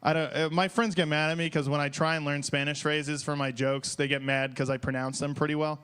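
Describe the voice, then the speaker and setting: A young man from Detroit doing a profane, excitable, rambling stand-up set on stage at a small bar open mic. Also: fairly high pitch, fairly quick, clear, resonant tone.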